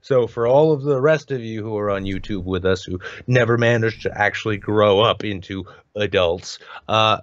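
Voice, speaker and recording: A man's voice: lowish voice, moderate pace, hardly any pauses, no echo. Profane sarcastic man on a dull dry mic. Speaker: co-host. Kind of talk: casual live-stream podcast chat, reading news.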